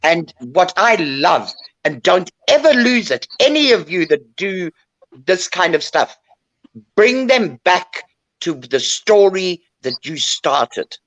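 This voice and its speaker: A woman's voice: on the low side, big pitch swings, slow, dry recording. An older woman talking bluntly and emotionally in a casual chat, calling in to a show. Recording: dull lo-fi line.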